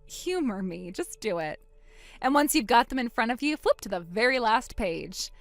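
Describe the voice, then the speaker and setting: A woman voicing a wronged older sister in a dramatized text-message story, speaking quietly and deliberately. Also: on the high side, sing-song, no room sound, soft background music. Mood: cold.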